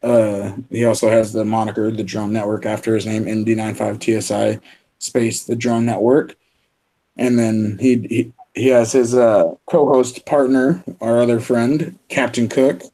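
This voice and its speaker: Mellow-voiced sleepy livestream co-host man. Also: lowish voice, little pitch movement, measured pace, low-quality recording. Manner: easygoing, joking, laughs often. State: sleepy, yawning. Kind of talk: casual livestream chat.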